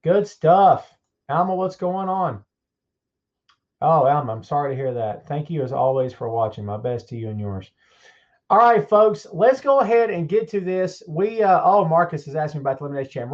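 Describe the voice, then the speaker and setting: A man's voice: fairly high pitch, lively intonation, moderate pace, muffled recording. A man hosting a live podcast stream, greeting viewers by name in an upbeat, folksy, chatty way. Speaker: podcast host.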